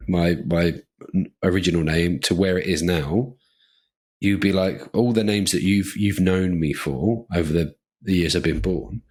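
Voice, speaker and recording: A man's voice: low-pitched, normal speed, darkish tone, breathy edge. A man co-hosting a podcast, talking casually in a loose, meandering way full of fillers. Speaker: podcast co-host. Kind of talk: casual chat.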